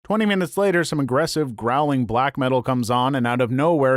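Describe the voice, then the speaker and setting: A man narrating online stories in a scripted, lively and comic way. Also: mid-range voice, a little fast, no room sound, studio quality. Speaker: story narrator.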